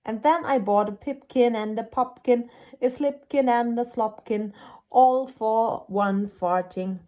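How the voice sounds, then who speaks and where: A woman's voice: a little high, slow pace, warm tone. A woman voicing a chorus of tiny, cheeky mice who chant nursery rhymes in a sing-song way.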